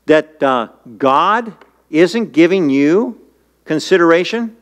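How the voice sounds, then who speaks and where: A man's voice: expressive, unhurried. A man preaching a sermon as pastor, reading scripture and asking the congregation questions in an earnest manner. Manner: voice jumps high and urgent when paraphrasing scripture. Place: church.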